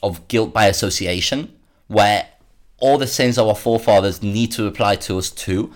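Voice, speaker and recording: A man's voice: fairly low pitch, normal speed. A man hosting a solo commentary podcast, worked up and sarcastic, often repeating words as he rants. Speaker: podcast host.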